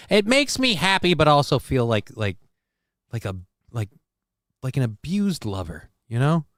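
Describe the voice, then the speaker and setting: A man runs a casual live-stream show and reads out chat messages, riffing on them with crude jokes and plenty of rambling asides. His voice sits a little high for a man and comes through smooth and clean. It is recorded close up, with no room sound at all. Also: expressive, moderate pace, bright, forceful tone, dry recording. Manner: crude, joking, rambling with fillers.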